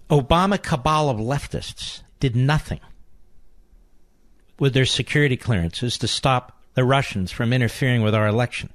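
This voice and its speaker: A man's voice: medium pitch, dry recording, clean studio sound. A man hosting a talk radio show, delivering an indignant political monologue with heavy repetition.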